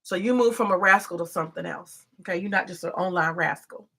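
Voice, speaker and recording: A woman's voice: on the low side, fast, gravelly, fairly bright tone. A woman hosting a rambling, profane commentary, emphatic and repetitive, full of rhetorical questions. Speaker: commentary host.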